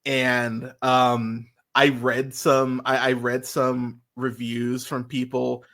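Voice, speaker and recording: A man hosting a casual review podcast, talking animatedly and swearing, his voice jumping up high when he gets worked up. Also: monotone, takes it slowly, a bit bright. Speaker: podcast host.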